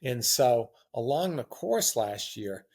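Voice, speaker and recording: A man in his sixties chatting as a podcast guest, telling long rambling stories in a relaxed, anecdotal way. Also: medium pitch, slow pace. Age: 60s. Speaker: guest marathon runner. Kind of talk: casual interview chat.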